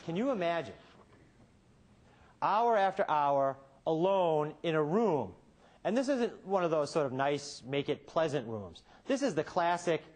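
A defense attorney making a closing argument to a jury, pressing rhetorical questions with dramatic pauses and sudden shifts between quiet and emphatic. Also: male voice, a little high. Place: courtroom.

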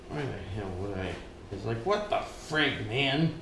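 A man's voice: mid-range voice, animated, measured pace, a bit bright, muffled recording, slight background noise. Joking, profane Canadian man, echoey room. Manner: profane, joking, addresses viewers as "boys". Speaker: vlogger. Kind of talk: casual vlog while working.

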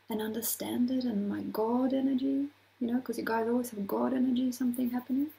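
A woman astrologer talking casually to her viewers, animated, acting out little quoted voices and laughing often. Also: on the high side, a little fast, creaky, poor audio. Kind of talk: casual astrology talk to camera.

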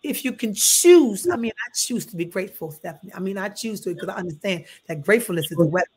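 A woman's voice: mid-range voice, lively intonation, fast talker, a little mellow, slightly rough. A middle-aged woman pastor preaching at a Bible study in a folksy, emphatic way, often calling listeners honey.

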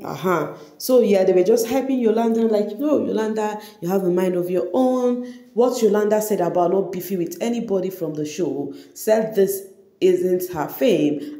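A woman gossip vlogger talking casually to her viewers about a reality show, chatty and quick to laugh. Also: mid-range voice, dark tone. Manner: chatty, laughs often, addresses viewers directly. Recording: echoey room.

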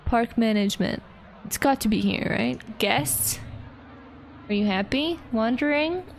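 A young woman streaming a park-building game, excitable, swearing a lot and laughing often. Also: a little high, unhurried, creaky, a little hiss or hum. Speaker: vtuber streamer. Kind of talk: casual gameplay commentary.

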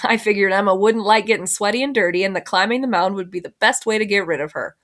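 A woman's voice: mid-range voice, fast talker, a bit bright. A woman teacher reading a first-person novel aloud in plain storytelling, sometimes correcting herself.

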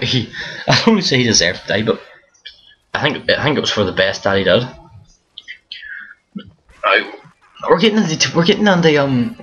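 Over footage of a zombie game, a weary young man offers loose, wandering commentary and keeps starting his sentences over. He speaks in a mid-range, slightly bright voice, and the recording is dull and lo-fi with a faint hiss.

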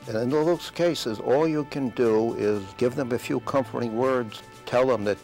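An older former navy corpsman speaks earnestly and reflectively in an interview. His middle-pitched voice has a gravelly edge, and faint music plays under him. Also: measured pace, hardly any pauses, a little mellow. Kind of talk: recounting memories in an interview.

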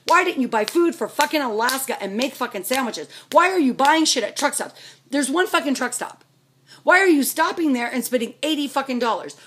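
A woman's voice: high voice, a bit bright, breathy edge. A middle-aged woman ranting furiously and profanely at her husband, firing off angry questions. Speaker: vlogger. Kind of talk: angry rant to camera.

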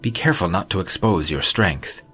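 A gruff, curt clan father with a very deep voice, as a male narrator puts him on. He speaks in short, clipped lines in an audio story with faint music behind. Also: animated, normal speed, fairly bright tone. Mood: cautioning. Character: stern middle-aged father, clan patriarch.

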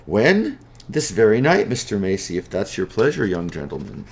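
A man's voice: fairly low pitch, huge pitch swings, normal speed, creaky, a little hiss or hum, full character voice. A man voicing a sly, scheming male slug seller who talks in an oily, wheedling, folksy way in a spoken storybook. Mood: eager.

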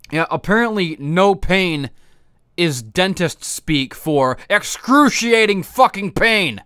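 A high-voiced man rants in a stream of exasperated profanity. His face is numb from the dentist, yet he keeps hammering on his complaints. The sound is dry and close. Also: animated, slow pace, pushed and bright, clear, resonant tone, no room sound. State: half his face numb from dental work. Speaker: podcast host. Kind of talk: angry comedic rant.

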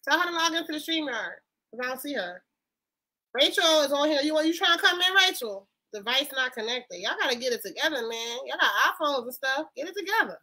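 A woman from West Philadelphia with a Philadelphia accent, co-hosting a casual livestream chat over a video call in an animated, slangy way. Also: high-pitched, fairly quick. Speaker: co-host.

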